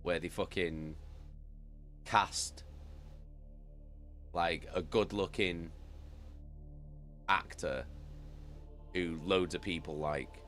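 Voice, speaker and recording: A man's voice: low-pitched, drawn-out words, pauses often, fairly bright tone, soft background music. A British man chatting casually with viewers as a streamer, rambling and swearing freely. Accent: British English. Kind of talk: casual chat.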